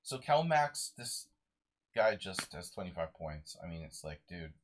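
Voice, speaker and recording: A man's voice: low voice, very animated, unhurried. A sleep-deprived man streaming a live chess game, muttering moves to himself and chatting with viewers.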